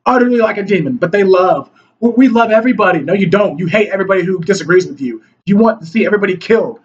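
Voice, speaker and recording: A man ranting angrily into the camera, preachy and mocking, his voice husky. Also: high voice, lively intonation, very fast, dull audio. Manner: angry, preachy, mocking opponents in whiny voices. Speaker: political commentator.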